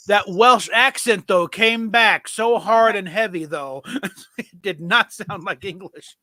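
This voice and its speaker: A man's voice: high voice, takes it slowly, bright, forceful tone, no echo. A man hosting a casual chat, rambling and laughing often with many fillers. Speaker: host.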